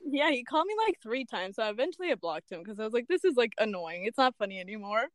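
High-voiced young woman telling a story. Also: fast talker, no room sound, clean studio sound. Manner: animated storyteller, heavy use of "like" and "bruh", acts out quotes. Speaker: podcast co-host. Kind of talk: casual storytelling chat.

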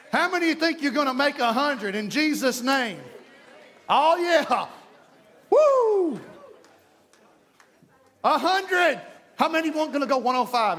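A male pastor delivers a sermon. His voice sits very high, rising to loud calls to the congregation, then dropping to soft, hushed prayer. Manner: passionate preaching, swinging between loud calls and hushed prayer. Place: church sanctuary.

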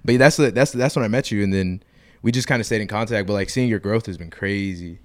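A young man hosting a casual chat, telling an animated story and acting out the people in it. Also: lowish voice, quick pace.

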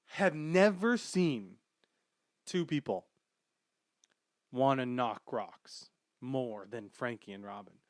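Enthusiastic higher-voiced man, dry sound. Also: no room sound. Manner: enthusiastic, rambling with fillers and restarts. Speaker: podcast host. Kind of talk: casual manga discussion.

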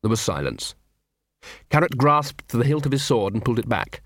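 A man reading a novel aloud as an audiobook narrator, in a measured, dramatic storytelling manner. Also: mid-range voice, sing-song, a bit bright, no room sound, studio quality. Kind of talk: scripted narration.

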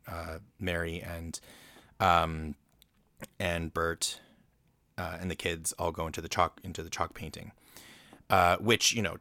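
Man, casual solo film recap, bright sharp tone, loose and rambling. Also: sits low, no room sound. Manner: rambling, swears casually, acts out quotes. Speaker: film commentator.

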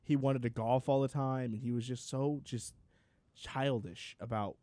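A man co-hosting a podcast, talking in a relaxed, rambling way with fillers. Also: mid-range voice, measured pace, no echo. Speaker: podcast co-host. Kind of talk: casual chat.

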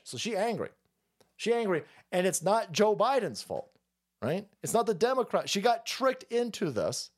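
A high-pitched, very animated streamer rants on a livestream at a moderate pace, profane, mocking, and abrasive.

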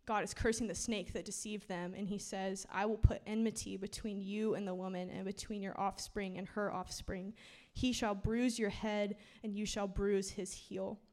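A young woman giving a casual, slangy sermon, chatty and laughing often. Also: medium pitch. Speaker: preacher.

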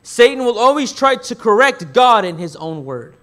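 High-voiced animated male pastor. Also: moderate pace. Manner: animated storytelling with big swings in loudness; repeats words when restarting. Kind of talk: sermon.

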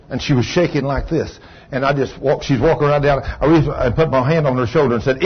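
A man's voice: medium pitch, a little fast, breathy edge. A man, preaching a sermon in an emphatic, folksy storytelling manner. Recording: dull lo-fi sermon recording.

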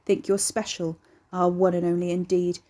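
A gruff old countryman, low and rumbling, sneering with contempt, as a woman narrator puts him on. The voice is dark and a little husky. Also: flat delivery, normal speed, close to an everyday voice.

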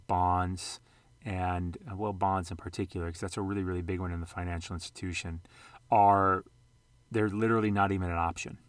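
A sports card and investing vlogger with a fairly low voice walks viewers through charts in casual screen-share commentary. His style is loose and rambling, full of self-corrections and jokey asides, and the sound is dry and close with no room echo.

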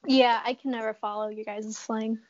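A woman guest in a casual interview, earnest and quick to laugh. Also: fairly high pitch, fairly even intonation, no echo, highs cut off.

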